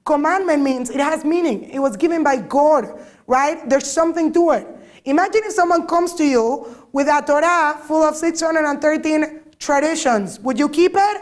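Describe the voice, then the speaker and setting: A woman giving an informal talk to a group, lively and always asking her listeners questions. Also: high-pitched, moderate pace. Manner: lively, asks the audience many questions. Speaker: lecturer.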